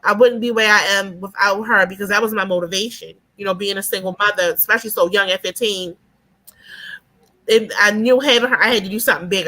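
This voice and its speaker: A woman, chatting as a podcast guest and telling stories. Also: mid-range voice. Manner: animated storyteller, often asks "you know what I mean". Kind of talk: casual podcast conversation.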